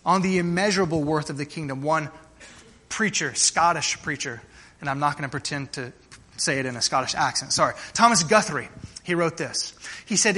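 A man preaching a sermon to his congregation, earnest and direct, often restarting phrases and slowing down to stress key words. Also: fairly high pitch, sharp tone. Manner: earnest, with frequent restarts and slowed emphasis. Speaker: pastor.

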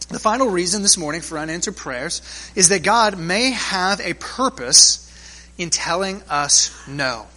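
A man's voice: high voice, sharp tone. A man preaching a sermon in a church, earnest and emphatic, with rising emphasis as he addresses the congregation. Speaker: pastor.

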